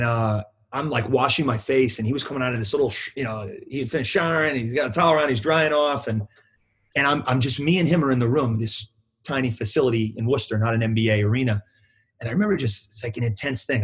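A man's voice: mid-range voice, husky. A man with a New England accent, a basketball program director, telling a long anecdote in a casual interview with many fillers and restarts.

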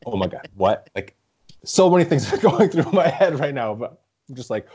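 A young man chatting casually as a podcast co-host, telling stories in a rambling, animated way with frequent laughs. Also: fairly high pitch, normal speed, breathy edge, lo-fi sound. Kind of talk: casual chat.

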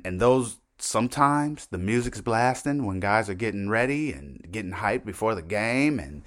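A middle-aged man with a very low voice talks casually through his solo show. He rambles, drifts into side tangents and corrects himself as he goes, in a loose conversational way. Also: a bit bright. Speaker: podcast host.

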